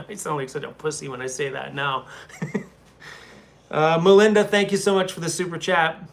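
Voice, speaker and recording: Van-life streamer, man, easygoing and chummy, fairly high voice, talks loosely to chat. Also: a bit bright. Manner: laid-back and chummy, calls viewers bro and man, laughs often. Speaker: van-life YouTuber hosting a live stream. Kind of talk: casual live-stream chat, reading viewer comments. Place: hotel room, seated on a small chair.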